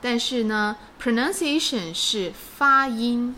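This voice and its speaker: A woman teaching Chinese vocabulary in a bilingual lesson, patient and quick to laugh. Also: on the high side, expressive, sharp tone, slight background noise. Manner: patient, explains slowly, laughs easily.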